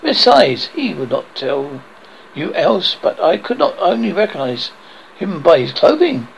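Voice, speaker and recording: A man's voice: sits high, big pitch swings, unhurried, vocal fry, lo-fi sound, a little hiss or hum, full character voice. A man voicing a frightened old husband who speaks unsteadily and falters. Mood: shaken. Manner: shaken, faltering.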